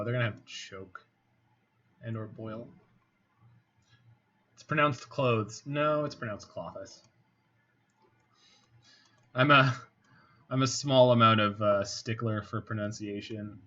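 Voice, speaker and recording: A man's voice: mid-range voice, slow pace, pauses often, pushed and bright. A man giving casual commentary over a card game, thinking aloud with a wry, muttering manner. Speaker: game streamer. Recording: slightly dull home mic with faint noise.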